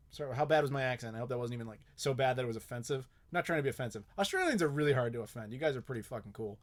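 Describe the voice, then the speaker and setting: A man's voice: medium pitch, racing, hardly any pauses. A young man hosting a live Q&A, chatting casually and bluntly, swearing often and joking with viewers. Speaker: host.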